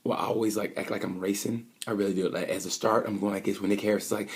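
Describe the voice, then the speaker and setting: A man's voice: fairly low pitch, flat delivery, quick pace, vocal fry, husky. A man talking casually and ramblingly about motorcycle races, acting out little quoted voices. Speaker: motorcycle racing fan commentator. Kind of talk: casual opinion vlog.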